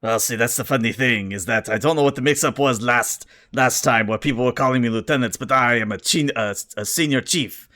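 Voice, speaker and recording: Gruff pedantic alien engineer, combative and fussy, played by a man in a tabletop game. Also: mid-range voice, brisk, hardly any pauses, pushed and bright, natural voice.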